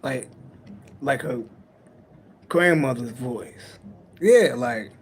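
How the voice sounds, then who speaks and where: A man's voice: on the high side, unhurried, vocal fry, long pauses, slight background noise. A man giving a late-night tarot reading on a livestream, talking in a loose, profane, rambling and joking way. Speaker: tarot reader on a live stream. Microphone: livestream mic.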